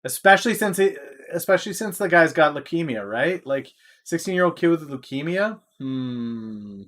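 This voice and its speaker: A man's voice: fairly high pitch, animated, normal speed, fairly bright tone. Rambling male stock streamer. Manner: rambling, answers chat, restarts often. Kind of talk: casual live-stream chat.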